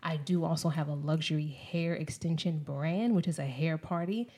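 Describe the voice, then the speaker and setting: A woman's voice: low voice, moderate pace, mellow. A young woman guest on a podcast, speaking emphatically and upbeat about her business. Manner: upbeat, emphatic self-promotion. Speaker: guest, music and hair brand owner. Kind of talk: casual interview chat.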